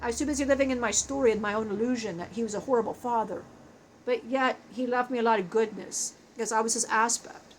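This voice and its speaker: Woman, higher-pitched voice, halting emotional storytelling, spiritual, faint hum of the room behind her. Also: fairly even intonation, rough recording. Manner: halting, emotional, frequent restarts. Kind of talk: channeled personal storytelling.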